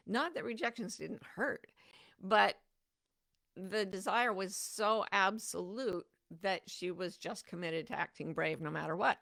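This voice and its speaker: Gravelly-voiced woman hosting a reflective talk. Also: medium pitch, a little slow, no room sound, clean studio sound. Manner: animated, acts out her own inner voice. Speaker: podcast host. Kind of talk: reflective monologue.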